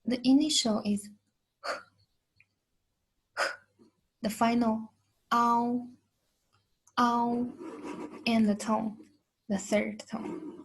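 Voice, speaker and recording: A woman's voice: medium pitch, vocal fry, warm tone, slightly rough, low-quality recording. A woman with a Chinese accent teaching a beginner lesson, patiently repeating each sound twice. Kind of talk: slow, careful language lesson.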